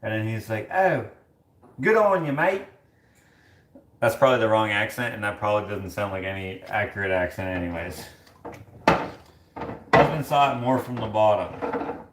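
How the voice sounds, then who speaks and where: A man with a fairly low voice speaks at a moderate pace while hosting a laid-back kitchen stream, reading chat and rambling through stories with plenty of fillers. The room echoes, and there's a slight hiss or hum.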